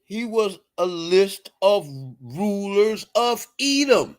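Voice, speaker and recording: A man with a high, expressive voice and an unhurried pace hosts an online show, reading from the screen and arguing heatedly in casual commentary. He pushes his point emphatically, repeating "right?" and "people," and climbs into loud outbursts.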